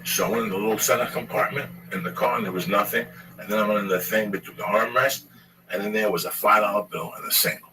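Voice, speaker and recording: A man's voice: fairly low pitch, fairly even intonation, fast talker. A man telling a rambling, profane story in casual chat. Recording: distant mic with faint noise.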